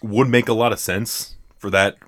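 A man's voice: fairly low pitch, fairly even intonation, moderate pace, fairly bright tone, dry recording. A young man co-hosting a movie podcast, making dry, wry remarks in casual chat. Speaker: podcast co-host.

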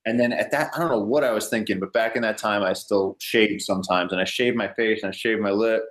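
A man's voice: lowish voice, fairly quick. Laid-back young man telling a story. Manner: relaxed, rambling, heavy use of filler like. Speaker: guest, ecotourism company owner. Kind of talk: casual storytelling in an interview.

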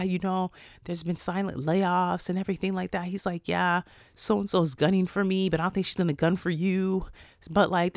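A young man hosting a podcast, telling a story in a casual, animated, profane way with sassy quoted asides. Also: sits high, no echo, clean studio sound. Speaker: podcast host. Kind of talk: casual solo podcast talk.

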